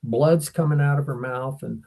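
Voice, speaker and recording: A man's voice: mid-range voice, normal speed, vocal fry. An older man co-hosting a podcast, telling stories casually and acting out the voices of the people in them. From United States. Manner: animated, acts out quoted voices. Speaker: podcast co-host. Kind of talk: casual storytelling chat.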